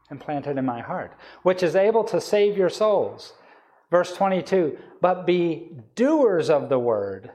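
A man's voice: a little high, mellow. A man preaching a sermon in a church hall, reading scripture aloud and explaining it earnestly, rising to emphatic peaks on key words.

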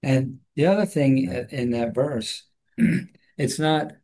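A man's voice: medium pitch, slow pace, warm tone. Earnest man discussing scripture. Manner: earnest, thoughtful, with frequent restarts. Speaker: co-host of a Bible discussion. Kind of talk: conversational Bible study.

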